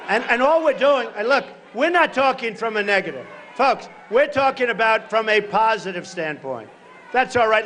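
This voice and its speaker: A man in his sixties giving a campaign rally speech at a podium, repeating short punchy phrases and breaking into shouts. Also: high-pitched, a little hiss or hum. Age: 60s. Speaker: political candidate at a rally. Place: large rally venue.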